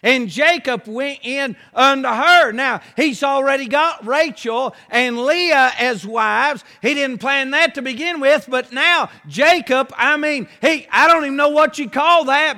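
High-pitched gravelly preacher in an echoey hall. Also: male voice, lively intonation, a little slow, hardly any pauses. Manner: folksy, emphatic preaching, shouting on key lines. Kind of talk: sermon.

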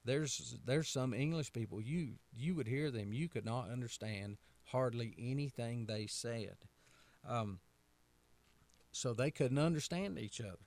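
A man's voice: mid-range voice, a little slow, darkish tone. A man from North Carolina with a Southern American accent, a pastor hosting a radio talk in a folksy way, repeating phrases and asking rhetorical questions.

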